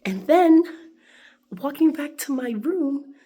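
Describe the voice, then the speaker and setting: A woman in her twenties vlogging, telling stories to the camera in a lively, chatty way and acting out the dialogue. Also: high-pitched, slow pace. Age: 20s. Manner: animated, acts out dialogue, laughs often. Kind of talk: casual storytelling to camera.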